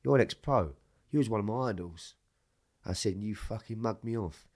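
Man, low-pitched, animated storyteller, swears a lot, casual chat. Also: normal speed. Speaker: podcast guest.

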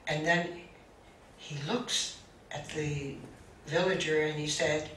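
A woman spiritual teacher telling a story to a group, speaking with halting restarts. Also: low voice, level tone, fairly bright tone. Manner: slow, halting, with many restarts. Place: meeting room. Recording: roomy, distant mic, faint hiss.

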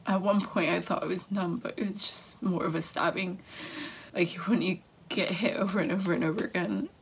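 A young adult woman vlogger telling a personal story to camera, speaking haltingly with frequent restarts. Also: on the low side, steady tone, slight background noise, poor audio.

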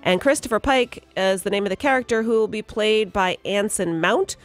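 A woman's voice: mid-range voice, normal speed, soft background music. A woman co-hosting morning radio, reading entertainment stories and laughing along with banter. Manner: bright, laughs often while reading stories. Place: radio studio. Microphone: studio mic.

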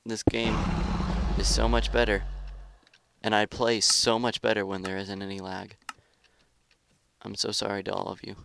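A man giving live gameplay commentary as a gaming YouTuber, excitable, trash-talking opponents and grumbling about lag. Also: fairly low pitch, moderate pace, creaky, long pauses, noisy background.

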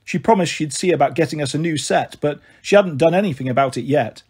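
A man reads a children's novel aloud in a steady, gentle delivery. His voice sits a little high and has a husky edge. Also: quick pace. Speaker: storyteller.

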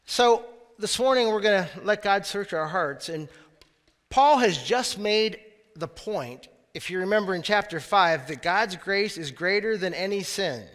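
High-voiced pastor preaching in a church. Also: male voice, animated, a little slow, a bit bright. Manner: conversational preaching with asides. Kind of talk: sermon. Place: church sanctuary. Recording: long church reverb.

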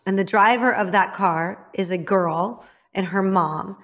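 A woman's voice: medium pitch, unhurried, fairly bright tone. A woman from Illinois, a guest in an interview, telling a frank personal story and often calling herself out. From Illinois, United States. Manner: frank, self-critical, acts out others' lines.

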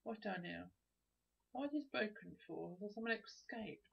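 A gamer giving chatty, excitable let's play commentary, thinking aloud as they explore. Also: medium pitch, normal speed, creaky, husky. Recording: dull lo-fi recording.

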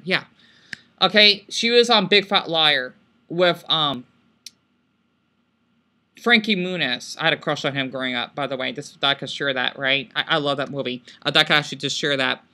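A vlogger reacts to news in unscripted, rambling commentary, his fairly high voice bright and forceful at a moderate pace. Emotional and apologetic, he swears when upset and keeps tacking "okay?" and "right?" onto his sentences.

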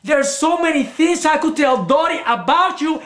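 A sputtering husband. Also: male voice, high-pitched, animated, normal speed, fairly bright tone, echoey room. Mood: furious. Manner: stammering, sputtering insults. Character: excitable Cuban husband caught lying.

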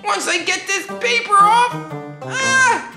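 A woman voicing an excitable young schoolboy who reviews toys, shouting, giggling and yelling karate cries. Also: very high-pitched, takes it slowly, heavily acted. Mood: excited. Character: hyper young schoolboy toy reviewer with brothers. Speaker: toy reviewer. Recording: roomy echo with music behind.

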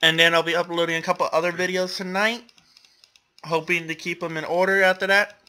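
A man's voice: high voice, flat delivery, a little fast, sharp tone. A young man giving casual, exclamatory gameplay commentary, groaning at his losses and laughing at himself. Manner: self-deprecating, exclamatory, laughs often. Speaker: gamer commentator.

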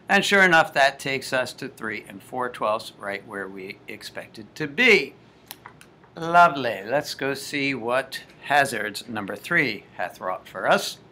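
A man's voice: mid-range voice, sharp tone. A man teaching a homework math lesson, counting aloud and working steps with folksy, jokey asides.

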